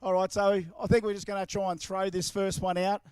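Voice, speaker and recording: Australian male event announcer, high-pitched, jokey with the crowd, handheld mic outdoors. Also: little pitch movement, brisk, darkish tone, clear, resonant tone, no room sound. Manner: chatty and jokey, calls out to the crowd. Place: outdoors at a racetrack. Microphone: handheld microphone and horn speaker.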